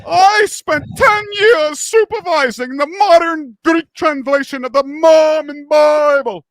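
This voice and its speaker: A man doing a mocking impression of a pompous male scholar, in a slow, drawn-out, indignant whine. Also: very high voice, no room sound, pitched above the performer's own voice. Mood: indignant mockery. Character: pompous whiny male scholar waving his credentials.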